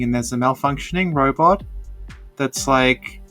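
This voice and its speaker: A woman's voice: extremely low pitch, measured pace, fairly bright tone, faint music behind. A woman co-hosting a casual podcast, recapping with dry sarcasm and frequent laughs. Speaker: podcast co-host.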